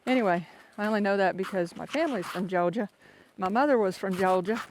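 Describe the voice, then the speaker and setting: A man's voice: high-pitched, fairly quick, a little hiss or hum. Chatty older man hiking a trail. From Florida. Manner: chatty, self-mocking, rambling. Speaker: hiker vlogger. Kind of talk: casual vlog while hiking. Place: outdoors on a foggy mountain trail. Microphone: handheld phone camera.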